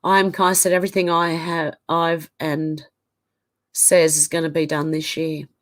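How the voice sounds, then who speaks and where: A woman's voice: low-pitched, little pitch movement, measured pace. A woman with an Australian accent hosting a casual livestream, reading viewer comments aloud and reacting to them. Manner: reads out chat comments and reacts conversationally.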